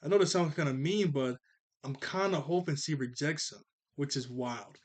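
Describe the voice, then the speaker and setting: A man's voice: fairly high pitch, normal speed. A man in his twenties casually reviewing a cartoon episode, rambling and often correcting himself. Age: 20s. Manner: rambling, laid-back, self-correcting.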